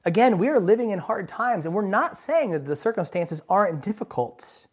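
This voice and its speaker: A man's voice: high-pitched, normal speed, breathy edge. A male pastor preaching a sermon in a conversational, emphatic way, often checking in with the congregation. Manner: animated and emphatic, swinging from quiet asides to loud bursts; conversational, asks the congregation "right?".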